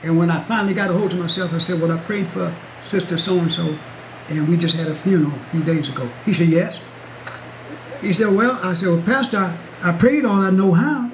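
A man preaching a Pentecostal sermon at a Bible study, telling a story and rising into shouts with call-and-response. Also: sits high, brisk. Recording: congregation noise in a church hall. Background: congregation responding.

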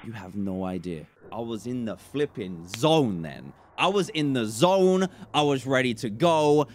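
Excitable guy doing a horror game let's play, voice swings all over, yells at the monsters. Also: measured pace, very noisy. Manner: excitable, talks to game characters, jumps high when startled. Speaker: gaming YouTuber.

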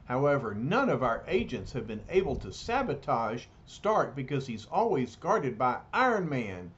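A man reading a storybook aloud, voicing a cowardly, scheming male dictator who turns panicky and shrill. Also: very animated, moderate pace, highs cut off, close to an everyday voice.

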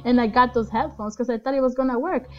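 Excitable woman on a lo-fi headphone mic. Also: a little high, fast. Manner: rambling and excitable, lots of fillers. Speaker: gaming channel host. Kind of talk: casual let's-play commentary. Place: home. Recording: dull lo-fi headphone mic with faint music.

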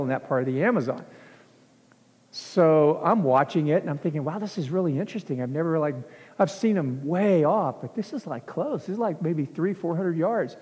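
A man preaching as pastor, telling a story in an animated way and acting out the scenes in a church. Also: fairly high pitch. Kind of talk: sermon storytelling. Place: church sanctuary. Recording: long church hall reverb.

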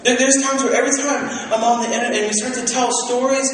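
Casting: young male pastor, high voice, lively storytelling sermon, recorded far off in a church. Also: quick pace, slight background noise. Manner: animated storytelling with acted-out quotes. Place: church sanctuary. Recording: echoey hall from far off.

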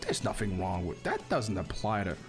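Playful streamer man with a lively voice. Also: low voice, normal speed, music in the background. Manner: playful, teasing, jokey banter. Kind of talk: casual gaming stream chat.

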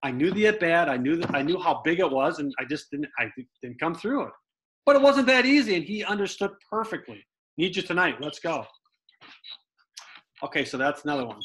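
Animated man telling baseball stories. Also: fairly high pitch, a little fast, poor audio. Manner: animated storyteller who acts out quotes with swearing. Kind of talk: casual storytelling interview.

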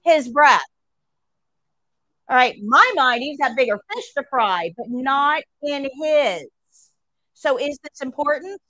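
A woman's voice: sits high, expressive, slow pace, pauses often, bright, forceful tone, no room sound, poor audio. A woman nursing instructor telling a story to her class during a livestream, asking rhetorical questions as she goes.

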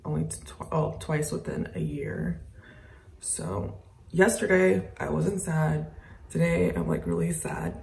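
A woman's voice: deep voice, big pitch swings, takes it slowly, vocal fry. A young woman vlogging at home, talking openly and emotionally and close to tears. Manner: emotional, confessional, with soft laughs. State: tearful. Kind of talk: casual personal vlog. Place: indoors at home, then an airport.

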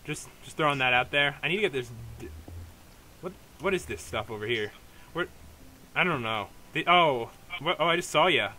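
Young male let's play host, bright and a bit high, rambling with fillers, faint noise behind. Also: lively intonation, moderate pace. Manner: rambling, hesitant, many fillers and restarts. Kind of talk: casual gameplay commentary.

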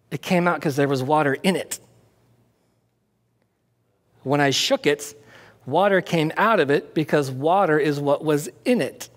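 Man, pastor, conversational sermon, slightly higher voice, long hall reverb. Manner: conversational preaching with demonstrations.

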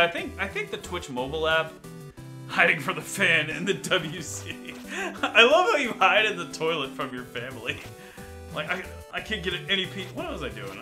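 A young man streams a game live, talking loosely to his chat and laughing often. His voice sits at an ordinary pitch. Game music plays clearly behind him. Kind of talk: casual live game commentary.

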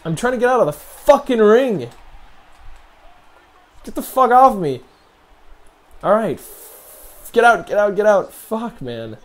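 A young man commenting on his own gameplay in a high voice that leaps all over the place. He swears freely and shouts at the game, then drops into muttered asides. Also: sing-song, takes it slowly, pauses often. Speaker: let's play commentator.

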